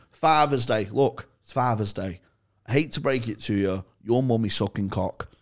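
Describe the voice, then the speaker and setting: A man's voice: lowish voice, normal speed. Young male comedy podcast co-host, crude laddish banter. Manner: swearing, laddish, jokey.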